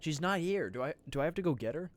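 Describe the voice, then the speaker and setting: A man's voice: a little high, lively intonation, fast talker. A young man streaming live, reacting aloud and chatting as he plays a narrative game.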